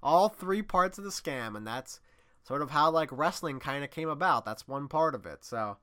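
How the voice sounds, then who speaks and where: A man hosting a casual monologue, rambling through a story and swinging from low muttering to loud excited bursts. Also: normal speed.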